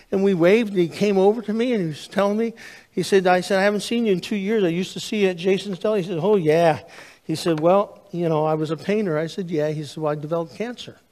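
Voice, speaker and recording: Pastor in an echoing church. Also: male voice, sits high. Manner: animated storytelling, acts out dialogue. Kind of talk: sermon. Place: church sanctuary. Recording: long hall reverb.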